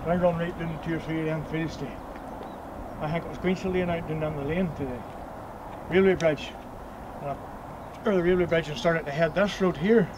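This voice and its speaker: An older man, telling childhood stories in a lively way, acting out loud quotes. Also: on the high side, a little fast, long pauses. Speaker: childhood friend. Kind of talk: reminiscing storytelling. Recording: outdoor noise with passing traffic.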